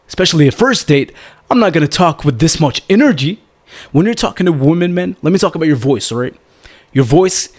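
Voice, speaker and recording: A young man giving dating advice straight to the camera, energetic and casual, calling the viewer "man" again and again and acting out examples of what not to do. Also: a little high. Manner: animated, says "man" constantly, acts out bad examples.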